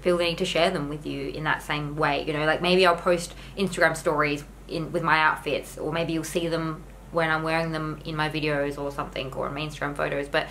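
A woman's voice: low voice, flat delivery, a little fast, hardly any pauses, fairly bright tone, a little hiss or hum, low-quality recording. A young woman talking candidly to camera in a home vlog, earnest and rambling with lots of "like" fillers. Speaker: YouTuber.

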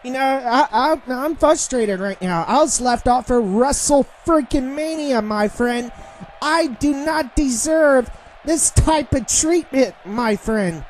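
A man voicing a brash male heel wrestler in a game, throwing shouted taunts and insults. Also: very high-pitched, animated, slow pace, a little hiss or hum, heavily acted, rough recording. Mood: frustrated. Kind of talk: role-play voicing a game character.

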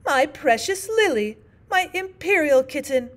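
A woman voicing a fussy, panicky queen chess piece in a storybook reading, shrill, slow and breathless. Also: big pitch swings. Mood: frantic.

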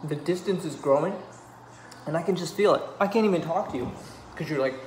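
A man's voice: on the high side, fairly quick, darkish tone, a little hiss or hum. Guy doing an over the top sad video message to his buddy, jokey, echoey room. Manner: melodramatic, joking, trails into laughter. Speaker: friend sending a video message. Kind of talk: mock-dramatic video message.

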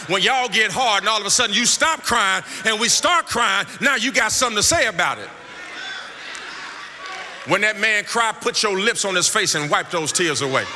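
A pastor preaching a sermon, swinging from shouts and half-sung lines to quiet, low stretches. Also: male voice, lively intonation, normal speed. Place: church sanctuary. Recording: large echoing church hall with crowd noise.

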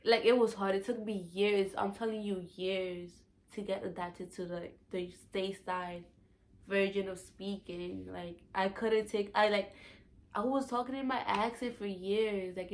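A woman's voice: mid-range voice, normal speed. A young woman from the US Virgin Islands with a Virgin Islands Creole English accent, chatting casually in a vlog and acting out local sayings. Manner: animated, acts out local sayings in a lively voice. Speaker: vlogger. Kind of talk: casual accent tag video.

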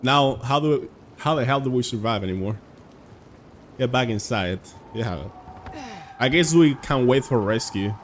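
A man's voice: medium pitch, animated, moderate pace, long pauses. A man from Spain streaming a game live and chatting with viewers in a casual, joking way. He swears freely. Faint noise runs behind his voice.

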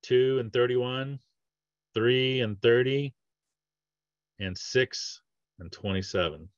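A man's voice: medium pitch, slow pace, no echo, lo-fi sound. A man, a dentist, talking through patient cases in a casual training presentation, with lots of fillers and restarts. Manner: conversational, with many fillers and restarts. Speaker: dentist giving a training webinar.

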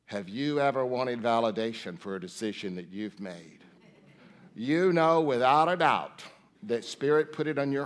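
A man's voice: medium pitch, fairly bright tone. A man preaching a sermon as minister, emphatic, repeating key phrases and asking his listeners rhetorical questions. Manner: addresses listeners directly, asks rhetorical questions. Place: church sanctuary.

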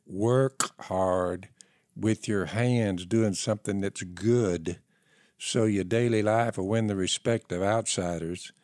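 An older man, speaking slowly in a casual podcast chat as he preaches and quotes scripture. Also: on the low side, darkish tone, no echo, clean studio sound. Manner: slow, preachy, quoting scripture. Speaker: podcast host.

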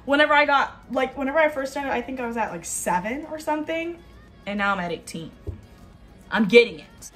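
A woman playing a shooter game and talking to herself as she goes. She is excitable, keeps repeating short phrases, and yelps and laughs at what happens on screen. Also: sits high, brisk, faint music behind. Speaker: gaming video host. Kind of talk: live gameplay commentary.

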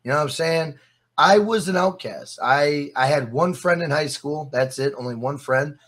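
A man guesting on a casual podcast, his voice sitting a little high for a man. He tells stories with lively energy, swears freely and repeats his phrases for weight. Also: normal speed. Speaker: interview guest.

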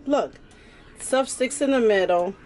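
Her voice sits on the high side, unhurried and a little mellow, against faint background noise. Vlogging casually in her kitchen at home, this woman has a sore throat and an ear that's swollen and hurting, and she speaks through a barely open mouth that muffles her slightly.

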